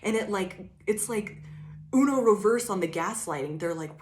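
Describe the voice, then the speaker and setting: A woman's voice: medium pitch, expressive, normal speed, darkish tone, roomy sound. A woman giving a casual tarot reading, swearing freely and rambling with lots of fillers. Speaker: tarot reader.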